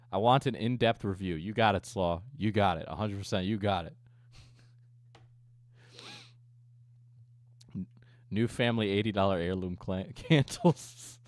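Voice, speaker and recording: A man's voice: lowish voice, dry recording. A man livestreaming, chatting casually with viewers, joking, ranting and swearing often. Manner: profane, joking rants with frequent laughter. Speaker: coffee business owner.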